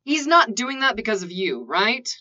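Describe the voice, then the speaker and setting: A woman voicing a sharp, skeptical sister who teases her brother, in a lo-fi recording. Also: on the high side, sing-song, normal speed, full character voice. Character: sharp, teasing older sister. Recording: lo-fi dull recording.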